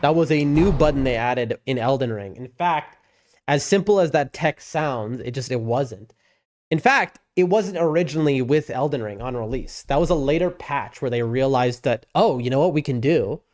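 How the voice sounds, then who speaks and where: Lively, chatty male game streamer. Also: mid-range voice, normal speed. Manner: rambling, excitable, chatting with viewers. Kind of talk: casual live-stream chat.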